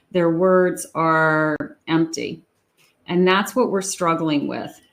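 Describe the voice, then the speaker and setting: A middle-aged woman giving a tarot reading in a chatty way, often acting out quoted lines and laughing. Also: fairly low pitch. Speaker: tarot reader. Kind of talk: casual tarot reading monologue.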